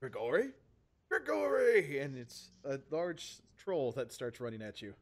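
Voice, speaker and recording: Man game master narrating tabletop game, relaxed, chatty, fillers, mid-pitched voice. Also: unhurried.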